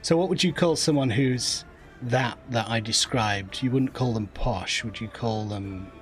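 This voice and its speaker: A man's voice: mid-range voice, a little slow, soft background music. A man with a northern English accent chatting casually with a friend on a gaming stream, patiently explaining words. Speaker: streamer playing a space game. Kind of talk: casual chat.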